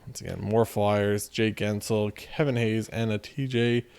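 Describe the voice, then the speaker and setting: Low-voiced man chatting through card packs. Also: fairly even intonation, darkish tone, clear, resonant tone. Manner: chatty and joking, listing names in quick runs. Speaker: card-opening channel host. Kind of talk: casual commentary while opening card packs.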